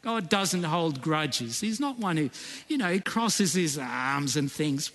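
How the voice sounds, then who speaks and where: A man's voice: a little high, sing-song, slow, a bit bright, long reverb tail. A man preaching a sermon in a conversational way, often checking in with the congregation. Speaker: pastor.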